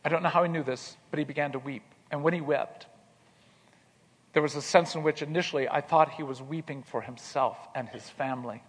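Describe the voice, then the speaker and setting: A man's voice: fairly high pitch, steady tone, fairly quick, husky. Earnest man storyteller in reverberant hall. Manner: earnest, repeats words at starts, drops quiet in tender moments. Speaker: speaker telling his life story. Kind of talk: personal storytelling talk.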